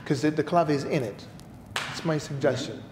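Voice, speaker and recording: A musician vocalizing rhythm patterns with syllables and patiently explaining how to fit a melody into the clave. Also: male voice, fairly high pitch, expressive, normal speed. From New York. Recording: echoey room with noise.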